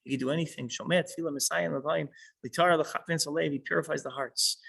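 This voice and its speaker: A man's voice: on the high side, fairly even intonation, fast, creaky, fairly bright tone, slightly rough, low-quality recording. A man teaching a small class who reads a line of text and then patiently unpacks it.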